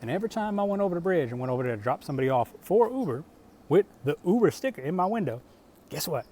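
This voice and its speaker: Talking fast in a warm, higher-than-average voice, this middle-aged vlogger swings widely in pitch. He rambles through stories in a blunt, profane, conversational monologue, peppering it with rhetorical questions.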